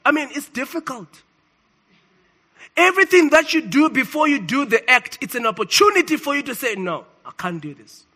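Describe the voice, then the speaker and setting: A man preaching a sermon, emphatic and swinging between loud declarations and quiet asides. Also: very high-pitched, animated, moderate pace.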